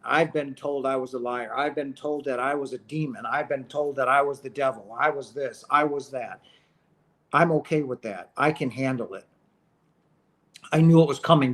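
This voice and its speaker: A man's voice: medium pitch, a bit bright. A man hosting his own channel, speaking in an emotional, impassioned monologue to his viewers, repeating phrases as he rants. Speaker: channel host.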